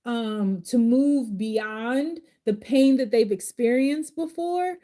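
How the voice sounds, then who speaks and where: A woman's voice: a little high, slow, mellow. A woman who is a tarot reader and life coach, giving a live tarot reading in casual, slangy, heartfelt talk.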